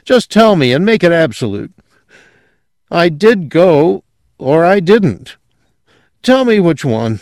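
A husky, shaking man pleads in a high, strained voice, swinging wildly up and down as panic over his own memory grips him, as a male narrator puts him on. The sound is close and dry, like a spoken-word storybook. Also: big pitch swings, moderate pace, few pauses, a little mellow, no echo. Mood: desperate. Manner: desperate, pleading.

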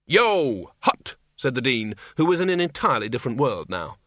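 A man reads a comic fantasy audiobook with wry, lively timing. His voice is bright and animated, recorded dry and close. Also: mid-range voice, fast talker, no echo. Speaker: audiobook narrator.

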